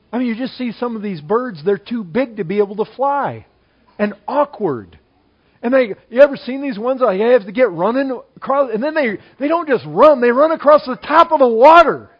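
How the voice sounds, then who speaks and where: High-voiced animated male preacher. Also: lo-fi sound. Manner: animated, swings between loud exclamations and quiet asides. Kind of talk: sermon.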